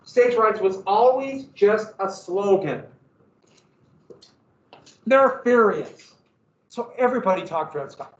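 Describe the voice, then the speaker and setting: Male history teacher, high voice, classroom lecture, quizzes the class, roomy echo, distant dull mic. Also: slow, long pauses. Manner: animated, asks the class questions.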